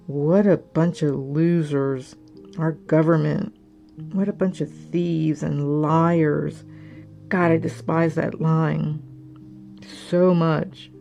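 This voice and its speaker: Low, gravelly woman rambling over crafts. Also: dark tone. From United States. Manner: rambling, venting, drifts into muttering to herself. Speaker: crafting channel host. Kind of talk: casual chat while diamond painting.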